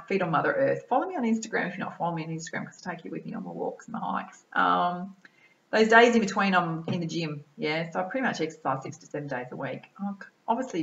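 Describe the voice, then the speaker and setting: An Australian woman, a mind-body-soul balance coach, giving an energetic, chatty motivational talk to camera and tacking "right?" and "yeah?" onto her sentences. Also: sits low, roomy sound, lo-fi sound. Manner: energetic, chatty, keeps adding tag questions like "right?" and "yeah?".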